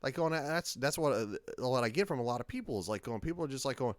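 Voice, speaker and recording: A man's voice: medium pitch, expressive, fast talker, dry recording, clean studio sound. A man hosting his own reaction channel, talking in a casual, rambling way with many fillers and restarts. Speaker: channel host.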